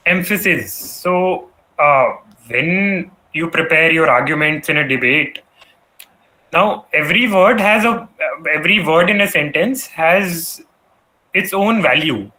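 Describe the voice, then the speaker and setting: A young man addresses an audience with a high, bright, forceful voice. He lectures earnestly, often stopping to restart words and leaning on "you know" as he works through his points. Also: rough recording. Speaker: guest speaker. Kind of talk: motivational talk on public speaking. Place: event hall.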